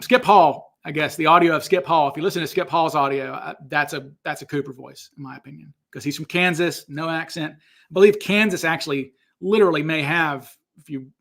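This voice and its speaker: With a slightly high, somewhat bright voice and some vocal fry, this man answers viewer questions on a casual livestream. He rambles, interrupts himself, and tosses in apologetic asides as he searches for files.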